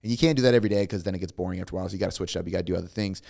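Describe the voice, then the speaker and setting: Fast-talking gravelly man. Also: sits low. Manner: fast, swearing, animated storytelling. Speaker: fitness coach, guest. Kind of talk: casual podcast conversation.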